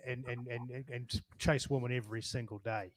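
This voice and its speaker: A man's voice: mid-range voice, steady tone, a little fast, no room sound. A man co-hosting a casual interview, chiming in with jokey remarks. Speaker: co-host.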